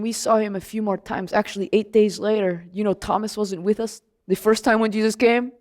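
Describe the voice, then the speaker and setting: A woman playing the apostle John as a young male disciple, telling his story in an animated first-person monologue straight to the audience. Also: a little high, close to an everyday voice.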